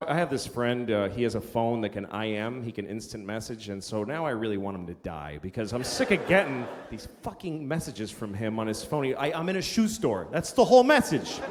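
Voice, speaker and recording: A man's voice: on the low side, expressive, fairly quick, hardly any pauses, crowd noise. A man performing a stand-up comedy set, telling stories in a conversational, profane and self-mocking way. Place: comedy venue with a live audience. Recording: live hall recording with room noise.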